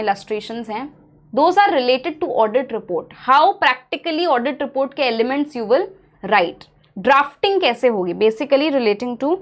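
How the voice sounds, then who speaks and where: Indian woman, young, high voice, quick lecture pace, explains point by point. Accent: Indian English. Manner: explains in mixed English and Hindi. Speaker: audit teacher. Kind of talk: exam-prep lecture.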